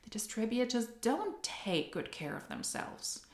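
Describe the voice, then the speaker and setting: A woman's voice: on the high side, very animated, unhurried, roomy sound. A woman hosting a commentary video, talking in a blunt, questioning way with many rhetorical questions. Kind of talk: critical commentary.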